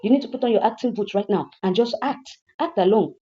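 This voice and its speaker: A woman's voice: mid-range voice, quick pace, mellow, dull audio, a little hiss or hum, pitched above the performer's own voice, close to an everyday voice. A Nigerian woman doing a manipulative male adviser. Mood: urging. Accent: Nigerian English. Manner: urging, insistent. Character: manipulative male friend giving bad advice.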